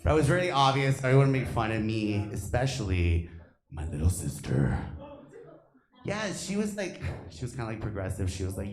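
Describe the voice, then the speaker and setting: A man in his thirties doing a stand-up comedy set on stage, flamboyant and camp, breaking into loud shrieks. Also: fairly low pitch, very animated, moderate pace, crowd noise. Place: comedy theater stage with live audience. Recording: echoey live comedy room.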